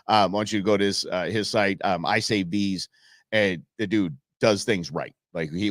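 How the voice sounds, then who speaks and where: A man hosting a live show, talking casually and excitably over video clips and speaking to viewers by name. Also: fairly low pitch, no echo, clean studio sound. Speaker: host.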